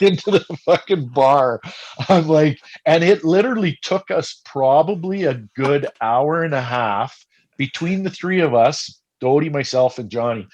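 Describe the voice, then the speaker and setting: A middle-aged man, a former pro hockey player, casually telling animated, profane stories and often restarting his sentences. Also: mid-range voice, poor audio. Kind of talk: casual storytelling.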